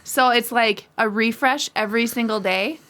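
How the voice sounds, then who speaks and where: Bright-voiced woman chatting casually. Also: on the high side, moderate pace. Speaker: podcast co-host. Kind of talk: casual chat.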